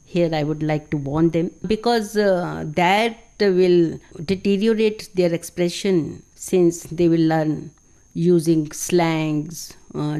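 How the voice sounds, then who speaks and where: Indian lady in her 50s, low mellow voice, slow careful teacher talk on radio. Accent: Indian English. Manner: measured, explanatory, teacherly. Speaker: guest, English teacher. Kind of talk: radio interview.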